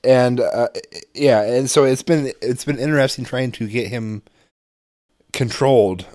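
A man's voice: mid-range voice, measured pace, mellow, dry recording, clean studio sound. A man co-hosting a podcast, telling rambling, profane stories about his kids. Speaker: podcast co-host, father. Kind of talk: casual chat.

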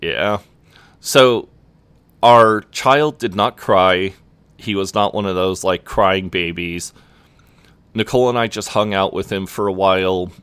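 Deep-voiced laid-back guy. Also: measured pace, a bit bright, clear, resonant tone, no room sound. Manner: laid-back, swears often, lots of "like" fillers. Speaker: podcast co-host. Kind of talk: casual chat, storytelling.

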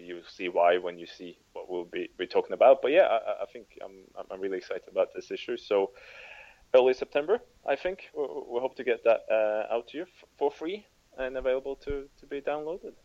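Low-voiced man on a dull line. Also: no echo. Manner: relaxed, wry, halting restarts. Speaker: podcast co-host. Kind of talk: casual podcast chat.

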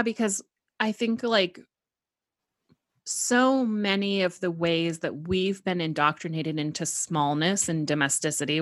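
Low-voiced woman podcast host, dry sound. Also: a bit bright, no room sound. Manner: reflective, thinking aloud with frequent "like". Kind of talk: casual conversational interview.

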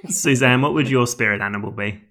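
Male podcast host, creaky voice, easygoing, chuckles often. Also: medium pitch, a little fast, sharp tone. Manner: easygoing, chuckling, asks the others questions. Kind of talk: casual podcast chat.

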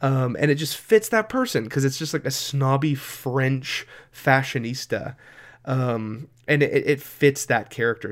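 A man co-hosting a casual podcast chat about running tabletop games, talking enthusiastically with many fillers. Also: medium pitch. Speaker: podcast co-host and game master.

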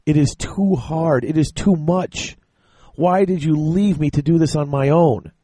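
A man reading aloud the lines of an anguished warlord in a slow, heavy dramatic voice, close to his own. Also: fairly high pitch, warm tone, dry recording, voice pushed up.

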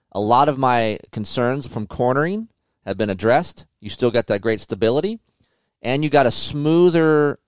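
A man hosting a motocross podcast, telling stories in a casual, animated way and swearing often. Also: medium pitch, no echo, studio quality. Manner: profane, animated storytelling. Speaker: podcast host, motocross test rider. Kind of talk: casual chat.

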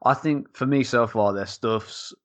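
A man's voice: mid-range voice, a little slow, a bit bright. A man hosting a beer podcast, playful and jokey in casual banter with his co-host.

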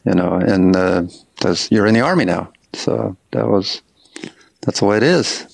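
Older male author guest, gravelly low timbre, halting storyteller, dry close mic. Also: animated, dry recording. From Tennessee. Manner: halting, many fillers and restarts, chuckles. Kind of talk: casual interview storytelling.

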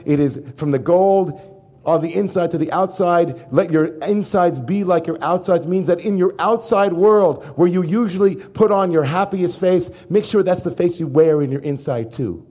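A man who is a rabbi, delivering an animated sermon and speaking directly to his congregation. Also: on the high side, moderate pace. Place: synagogue before a congregation.

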